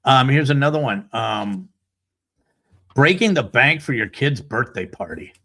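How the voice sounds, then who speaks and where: A man's voice: mid-range voice, lively intonation, a little slow, gravelly, bright, forceful tone. A middle-aged man hosting a casual talk show, ranting bluntly with profanity. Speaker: show host. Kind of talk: casual monologue.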